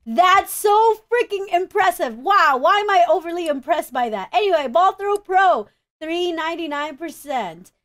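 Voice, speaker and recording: A young woman commenting as she plays a video game, excitable, shrieking and groaning as she wins and fails. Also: very high-pitched, normal speed, hardly any pauses. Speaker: gaming YouTuber. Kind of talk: let's play commentary.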